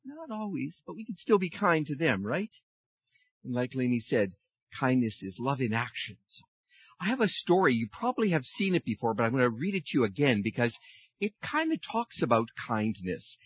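Brief: friendly pastor doing a children's sermon, lively pitch, a bit husky, dull dry sound. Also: male voice, normal speed, no room sound. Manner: animated, friendly, speaks to children. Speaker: pastor leading a children's message. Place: church.

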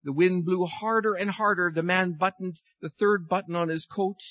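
A man leading a children's message in church, speaking in a friendly, animated way to children and reading them a story. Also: high-pitched, moderate pace, no room sound, muffled recording.

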